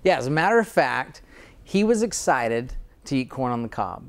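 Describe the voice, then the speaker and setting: A man's voice: medium pitch, very animated, moderate pace. A man speaking as a dentist guest in an interview, earnest and enthusiastic, often restarting his sentences. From Utah, USA. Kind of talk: interview conversation.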